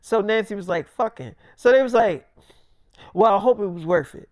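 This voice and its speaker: A young man, telling a freestyle comic story and acting out every character himself, going low and soft for his own lines. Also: a little fast, dry recording.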